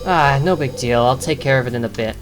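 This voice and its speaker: A woman putting on the voice of an excitable, slangy young man working at a hotel in a game. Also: a bass voice, brisk, music in the background, pitched below the performer's own voice. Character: excitable young male bellhop, slangy and jumpy.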